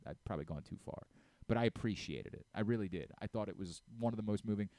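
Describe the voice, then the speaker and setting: A man's voice: fairly low pitch, fast talker, dark tone, dry recording. A middle-aged man hosting a sports talk radio show, speaking earnestly and emotionally, often stumbling and restarting his sentences. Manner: earnest, openly emotional, frequent stammered restarts.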